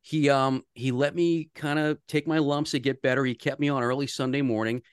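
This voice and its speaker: A radio man from the Philadelphia area talks through a story in an earnest, conversational way, often restarting his sentences. His voice sits at an ordinary middle pitch, and the sound is dry and close. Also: fairly even intonation, a little fast, smooth, dry recording. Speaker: radio host, guest. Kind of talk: casual podcast chat.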